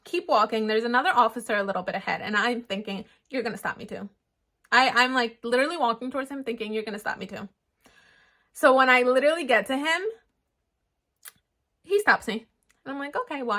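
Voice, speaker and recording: A young woman who grew up in the United States tells a personal story in a vlog, acting out what she thought at each moment. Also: on the high side. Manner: animated retelling, acting out her own thoughts. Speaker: vlogger.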